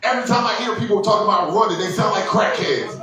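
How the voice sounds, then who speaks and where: A stand-up comedian works the crowd, crude and loud, jumping into high squealing voices for his characters. His voice is bright and forceful. It rings around a very echoey room, caught from a little distance by the mic. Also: quick pace, a little hiss or hum.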